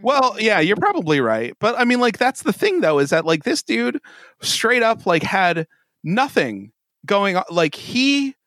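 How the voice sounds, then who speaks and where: A man's voice: sits high, very animated, unhurried, a bit bright, dry recording, clean studio sound. A tipsy man hosting a podcast, telling a crime story in a casual, swearing way and laughing often. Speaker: podcast host. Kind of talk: casual true-crime chat.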